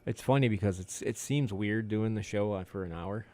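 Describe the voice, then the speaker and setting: A man co-hosting a casual community radio talk show, telling stories and loudly acting out the lines of the people in them. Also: fairly low pitch, moderate pace, no room sound. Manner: animated storyteller, acts out quotes loudly. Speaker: co-host. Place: radio studio.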